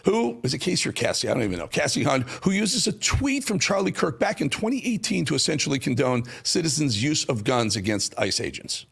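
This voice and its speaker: A man's voice: a little high, sing-song, brisk, gravelly, hardly any pauses, fairly bright tone, breathy edge. A man hosting a news talk show, delivering combative, sarcastic commentary on played clips.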